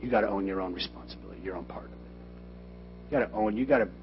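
A middle-aged man preaching a sermon in a low voice, animated and quick to burst out loud when acting out arguments. The recording is dull and lo-fi, with a faint hum underneath. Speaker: pastor.

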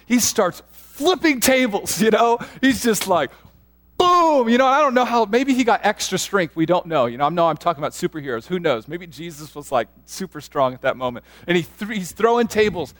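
A man preaching a sermon as a pastor, earnest and animated, often restarting his sentences as he tells stories. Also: on the high side.

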